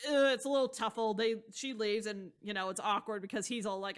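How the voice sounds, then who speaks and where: Her voice is mid-range, steady, brisk, clear, and resonant as she co-hosts a podcast recapping a novel. The chat is casual and rambling, sprinkled with swearing and lots of fillers such as "blah, blah."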